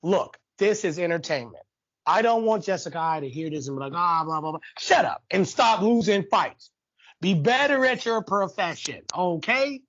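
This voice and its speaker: A man co-hosting a sports podcast, ranting in an animated, heated, trash-talking way. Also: sits high, normal speed, lo-fi sound. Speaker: podcast co-host. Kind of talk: casual ranting sports talk.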